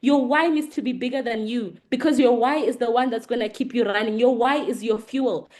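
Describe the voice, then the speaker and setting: A woman giving an energetic business presentation to an audience, telling her story in short, repeated, emphatic sentences. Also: a little high, brisk. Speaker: guest speaker.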